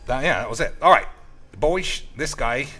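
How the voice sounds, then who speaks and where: A man's voice: medium pitch, expressive, moderate pace, sharp tone. A man giving casual, crude, rambling commentary while streaming a card game, swearing freely and calling his viewers boys.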